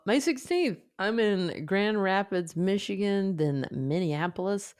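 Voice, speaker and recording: A woman's voice: mid-range voice, expressive, a little slow, darkish tone, clear, resonant tone, no room sound, clean studio sound. A woman co-hosting a podcast, upbeat as she rattles off a list. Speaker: podcast co-host. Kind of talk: casual chat.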